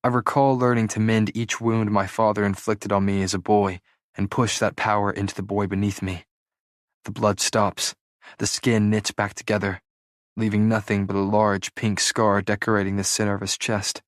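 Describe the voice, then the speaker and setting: A man's voice: fairly low pitch, level tone, normal speed, dry recording, studio quality. A man reading a first-person audiobook chapter in a dramatic, urgent storytelling manner, acting out the dialogue. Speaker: audiobook narrator.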